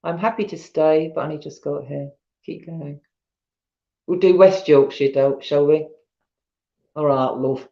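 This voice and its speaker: A woman's voice: low-pitched, steady tone, normal speed, gravelly, dark tone. A woman with a Southern English accent, reading ghost stories aloud at home and chatting with her viewers between them. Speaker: storyteller on a live stream. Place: at home on a sofa. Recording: roomy, dull lo-fi stream audio.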